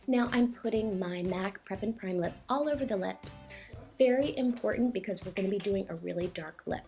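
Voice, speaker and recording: Young woman vlogger chatting thru her makeup, quick and a bit breathless, faint music behind. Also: mid-range voice, creaky, darkish tone. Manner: chatty, quick, filler-heavy. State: a little out of breath. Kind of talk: casual makeup tutorial voice-over.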